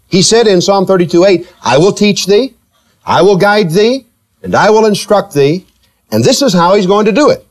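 Animated high-voiced preacher, slow and emphatic. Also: male voice. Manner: animated, teasing, asks the congregation questions; slow, emphatic delivery with big rises and drops. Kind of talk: sermon.

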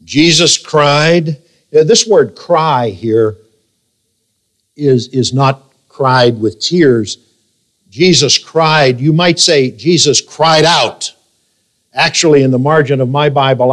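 A male pastor preaching a sermon, emphatic and reading scripture in a slow, drawn-out way. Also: medium pitch, fairly bright tone.

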